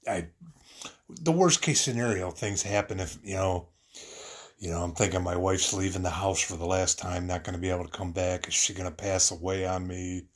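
A man's voice: low voice, fairly even intonation, moderate pace. A man telling a personal story about his family in a rambling, earnest way, full of fillers and restarts.

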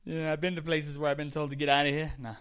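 A man preaches in a loose, conversational way, tossing in jokes and catching his own slips. His voice is bright and forward, pitched a little high for a man. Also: level tone, fast, smooth. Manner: chatty, jokey, self-correcting, laughs at himself. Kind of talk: casual podcast sermon.

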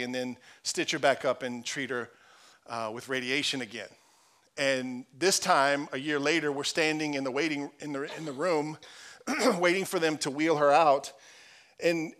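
Male pastor, middle-aged, sermon; soft storytelling that swells into fervent preaching. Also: fairly high pitch. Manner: personal storytelling that builds to emphatic preaching.

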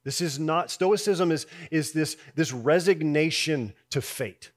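A man giving a sermon as pastor, in a conversational way, dropping soft on key lines and rising when he voices people's doubts. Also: on the high side, a little slow.

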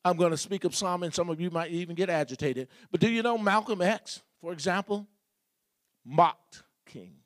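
A man's voice: high-pitched, normal speed, no room sound, clean studio sound. A man preaching a sermon as pastor, building repeated refrains and asking the congregation questions.

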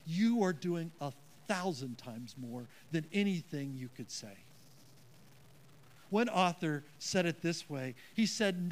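A man's voice: a little high, lively intonation, slow pace. A man preaching a sermon as pastor, earnest and emphatic, with a self-deprecating touch.

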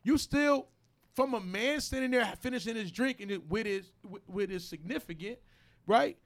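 A man's voice: sits high, expressive, normal speed. A man hosting a podcast who tells a story in a blunt, profane way and acts out the other people's lines. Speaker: podcast host. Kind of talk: casual chat, storytelling.

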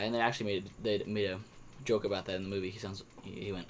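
A young man talks through his movie opinions in a relaxed podcast chat, circling back with fillers and restarts. His voice sits low, with a faint hiss of background noise behind him. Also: fast. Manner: rambling, with frequent restarts and fillers. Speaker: podcast co-host. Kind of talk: casual movie review chat.

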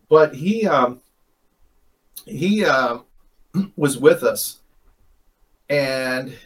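A man telling stories from paranormal investigations in casual chat, rambling and often correcting himself. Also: mid-range voice. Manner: rambling, self-correcting, chuckles. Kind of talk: casual storytelling.

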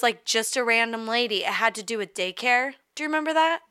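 A woman's voice: fairly high pitch, a little fast, hardly any pauses, bright, forceful tone, clear, resonant tone, no echo, studio quality. A young woman co-hosting a podcast, chatting casually, rambling and swearing freely. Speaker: podcast co-host. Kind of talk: casual chat.

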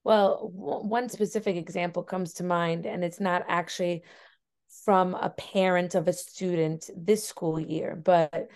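A woman's voice: on the low side, fairly even intonation, a little slow, darkish tone. Woman, young adult, teacher, earnest, heartfelt storytelling, casual interview. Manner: earnest, emotional storytelling with many fillers. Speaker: teacher and author, podcast guest.

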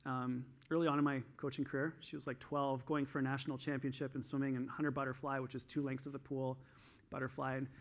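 A Canadian man giving an energetic conference talk on stage, telling coaching stories in an animated way. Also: fast talker. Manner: highly energized, animated storytelling.

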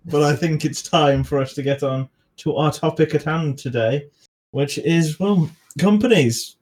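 A man's voice: a little high, fairly even intonation, moderate pace, darkish tone. A young man hosting a casual podcast chat, hesitant and restarting his sentences, often breaking into laughter. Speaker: podcast host.

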